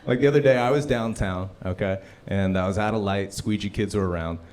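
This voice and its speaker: A man in his thirties doing a live stand-up set at a comedy club, telling stories and acting out people in loud, high voices. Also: fairly quick, a little hiss or hum. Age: 30s. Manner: animated storytelling, acts out characters in loud high voices. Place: comedy club stage before a laughing audience.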